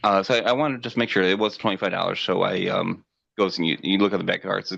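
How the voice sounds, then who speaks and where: A middle-aged man co-hosts a podcast, chatting casually and ranting with profanity while doing voices in his stories. He's low-pitched and quick, with vocal fry and a slightly bright tone; the recording is muffled, with no echo.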